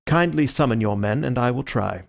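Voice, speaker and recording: A man doing a calm, theatrical gentleman detective. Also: mid-range voice, creaky, close to an everyday voice. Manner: calm, measured, courteous.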